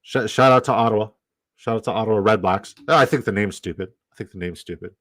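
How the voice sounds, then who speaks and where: A man's voice: fairly low pitch, fast, fairly bright tone, no room sound. A man from Canada hosting a live stream in casual chat, rambling, swearing and repeating himself.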